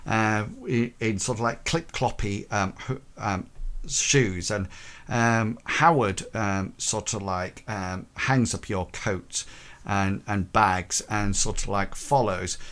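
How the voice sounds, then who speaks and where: Man as a halting, slow-talking game master. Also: lowish voice, fairly bright tone. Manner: halting, full of ums. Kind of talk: narrating a tabletop game.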